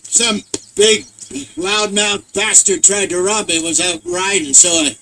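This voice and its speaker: A man voicing a genial older outlaw in a video game, talking in a folksy, easygoing drawl full of rough slang. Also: sits high, steady tone, measured pace, pushed and bright, slight background noise. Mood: sly. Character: genial older male outlaw, sly and talkative.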